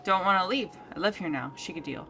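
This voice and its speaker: A woman voicing a stubborn, possessive male goat who talks in gruff, clipped, folksy phrases. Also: fairly low pitch, fast talker, pushed and bright, faint music behind.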